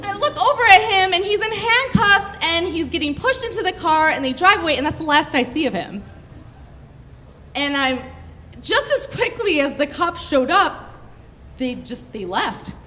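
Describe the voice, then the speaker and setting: Brash bright-voiced woman telling a stage story. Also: extremely high pitch, moderate pace, long reverb tail, slight background noise. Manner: brash, profane and animated.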